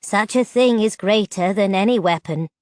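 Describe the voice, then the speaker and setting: A woman's voice: medium pitch, darkish tone, no echo, clean studio sound, close to an everyday voice. Woman voicing a grave, weary creature elder. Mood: solemn. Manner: formal, solemn, measured speech. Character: grave grass-covered male creature, weary leader.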